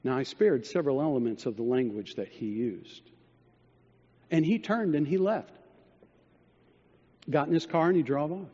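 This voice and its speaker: A man preaching a sermon, telling a story and dropping low and quiet when he quotes others. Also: normal speed, pauses often, husky. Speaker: pastor. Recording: dull sound in a reverberant hall.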